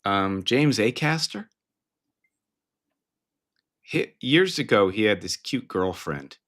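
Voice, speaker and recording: A man co-hosting a podcast in casual chat, jumping in with questions. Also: fairly low pitch. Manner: animated, quick to jump in with questions. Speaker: podcast co-host.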